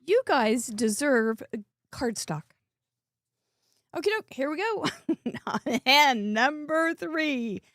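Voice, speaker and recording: A bubbly woman hosts a live crafting show, chatting and laughing as she works. Her high voice swoops up and down with a gravelly fry underneath. The sound is close and dry. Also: expressive, very slow, fairly bright tone, no echo. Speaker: host. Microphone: headset earbud.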